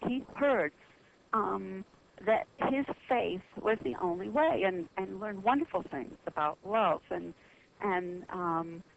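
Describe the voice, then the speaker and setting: A woman guest on a radio talk show telling a religious history story in an earnest, halting way with many pauses. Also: mid-range voice, creaky, lo-fi sound, a little hiss or hum.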